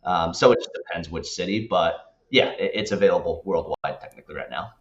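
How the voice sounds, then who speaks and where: A man's voice: low-pitched, brisk, a little hiss or hum. A man guest on a podcast, talking casually and rambling, with many restarts and tag questions. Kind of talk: casual interview talk. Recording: echoey, dull lo-fi sound.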